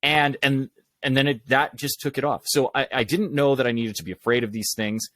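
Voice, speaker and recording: A man being interviewed on a podcast tells animated stories with quick asides. His voice sits at a middle pitch. The sound is dry and close, with little room in it. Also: no room sound. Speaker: podcast guest, public speaking coach. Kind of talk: conversational storytelling.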